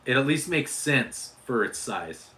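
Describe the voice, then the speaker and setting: A man's voice: mid-range voice, big pitch swings, unhurried, a bit bright. A man from Utah hosting a casual livestream, chatting with viewers and often restarting and repeating his words. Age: adult father. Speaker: livestream host.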